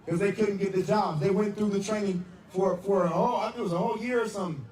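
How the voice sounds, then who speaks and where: High-pitched guy leading chants at a protest, shouting from a ways off the mic, loud crowd all around. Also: steady tone, quick pace, echoey room. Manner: shouting, repeats "am I right or am I right". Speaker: protest leader. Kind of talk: rally speech with call-and-response chants. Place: outdoor street protest. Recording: distant voice in a loud street crowd. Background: loud crowd noise.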